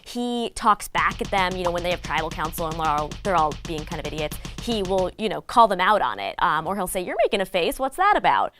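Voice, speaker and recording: A woman's voice: lowish voice, lively intonation, fairly quick, hardly any pauses, fairly bright tone, faint music behind. A woman chatting casually as a commentator, opinionated and loose, with lots of "like" and "you know". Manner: chatty and opinionated, with frequent fillers. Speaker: guest commentator on reality TV. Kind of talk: casual chat.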